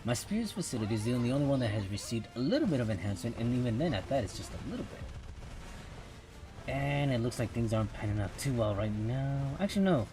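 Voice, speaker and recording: A man's voice: mid-range voice, animated, quick pace, music in the background. A man streaming a mobile game, rambling through casual commentary and often repeating himself.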